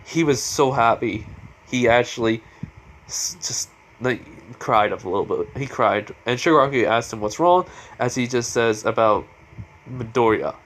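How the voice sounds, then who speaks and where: A man's voice: mid-range voice, unhurried, fairly bright tone. A man casually retelling a fan story, rambling with lots of fillers and restarts.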